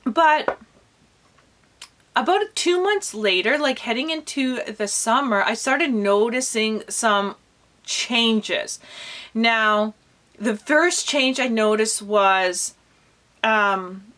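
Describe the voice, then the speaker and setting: This homesteading vlogger, a woman around forty, speaks slowly in a slightly high, somewhat bright voice. She's chatty and candid in her personal vlog, sprinkling in lots of casual fillers such as "like" and "you know."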